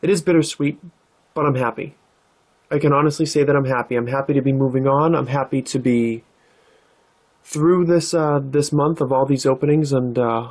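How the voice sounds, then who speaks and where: A man hosting his own card-opening vlog, talking in a relaxed, thoughtful way with plenty of "uh"s and "um"s. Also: medium pitch. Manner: relaxed, thoughtful, with many fillers. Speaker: card-opening channel host. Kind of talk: casual vlog narration.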